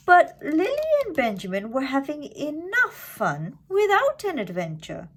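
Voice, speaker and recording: Slow, animated woman reading a storybook. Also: mid-range voice, breathy edge. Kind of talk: children's storybook narration.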